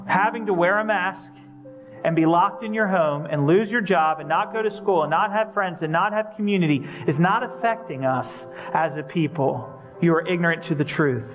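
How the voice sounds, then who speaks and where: A man preaching an earnest sermon as pastor, with emphatic repetition and direct questions to his listeners. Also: high-pitched.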